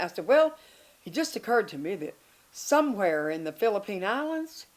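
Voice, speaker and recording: An older woman, an interview guest, telling candid stories in a lively, self-mocking way and laughing between lines. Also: on the low side, moderate pace. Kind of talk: candid storytelling chat.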